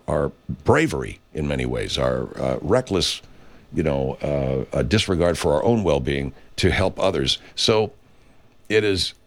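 Deep-voiced, profane middle-aged male podcast host. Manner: rambling, profane, many restarts. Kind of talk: casual reflective monologue.

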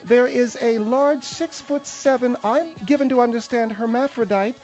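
A woman's voice: on the high side, moderate pace, darkish tone, dull audio, soft background music. A woman giving a mock-serious, fussy, indignant comedic report, easily irritated.

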